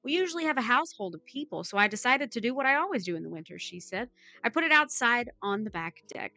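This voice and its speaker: A woman with a bright, crisp tone reads a news story aloud to a friend, dropping dry little comments between sentences. Her voice sits close and dry with no room echo, and faint music plays underneath. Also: on the high side, very animated, fast. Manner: wry asides while reading. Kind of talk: casual chat, reading a news story aloud.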